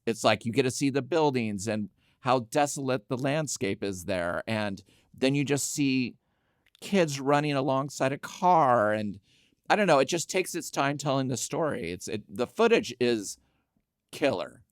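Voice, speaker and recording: Relaxed male podcast host. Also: mid-range voice, clear, resonant tone, dry recording, clean studio sound. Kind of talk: casual podcast chat.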